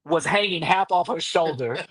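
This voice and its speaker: A man hosting a casual reality TV recap podcast, telling the story in an animated way and laughing often. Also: on the high side, moderate pace, husky, no room sound. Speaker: podcast host.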